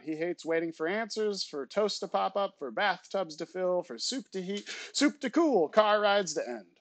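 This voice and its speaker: A male teacher reading a novel aloud to his students, with relaxed, chatty asides between passages. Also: on the high side, dry recording.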